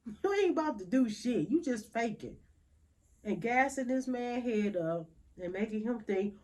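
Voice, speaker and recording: A woman's voice: medium pitch, big pitch swings, unhurried, dark tone. A young woman hosting a podcast in a frank, profane, laughing monologue. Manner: blunt, profane, laughing, emphatic repetitions. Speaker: podcast host.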